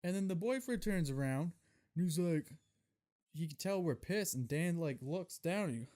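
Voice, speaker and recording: Profane, animated young man ranting. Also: a little high, moderate pace. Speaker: podcast host. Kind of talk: solo comedic storytelling rant.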